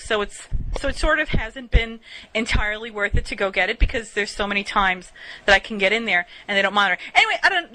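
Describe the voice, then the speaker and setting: Bright-voiced chatty woman podcaster. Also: fairly high pitch, poor audio. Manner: chatty, profane, giggly storyteller. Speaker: podcast host. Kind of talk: casual rambling monologue. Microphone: portable recorder.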